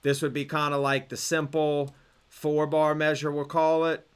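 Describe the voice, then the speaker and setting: A young man explaining beat programming in a relaxed tutorial, with fillers and restarts. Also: fairly high pitch, measured pace, clean tone. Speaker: music production instructor. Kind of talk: screen-recorded tutorial.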